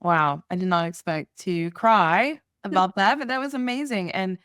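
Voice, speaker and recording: A woman hosting a podcast, reacting warmly and asking her guest questions. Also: mid-range voice, normal speed, smooth, dry recording, clean studio sound. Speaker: podcast host. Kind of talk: casual interview.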